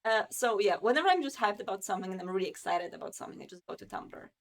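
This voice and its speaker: A woman's voice: medium pitch, expressive, rapid-fire. A woman co-hosting a gaming news show in casual chat, bubbly and chatty, laughing often and using many fillers.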